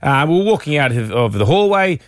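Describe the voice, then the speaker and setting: Lively Australian man spinning a yarn. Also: a little high, brisk, no room sound, clean studio sound. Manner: animated storyteller, cheeky. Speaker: radio breakfast show host. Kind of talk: casual sports radio banter. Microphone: studio microphone.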